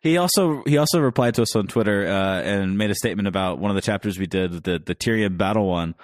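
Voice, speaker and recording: A man with a low voice co-hosting a podcast, bantering playfully. The sound is dry and close, with no room echo. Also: fast, few pauses. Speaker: podcast co-host. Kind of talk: casual podcast chat.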